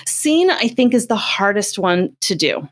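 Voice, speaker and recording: A woman's voice: mid-range voice, a little slow. A middle-aged woman, a parenting expert, explaining in a conversational way and acting out quotes as she tells stories. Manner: animated storytelling, acts out quotes.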